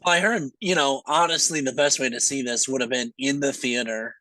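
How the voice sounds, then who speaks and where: A man's voice: mid-range voice, fairly quick, pushed and bright, dry recording, rough recording. A man co-hosting a podcast in casual chat, laid-back, mostly giving short agreeing replies. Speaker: podcast co-host.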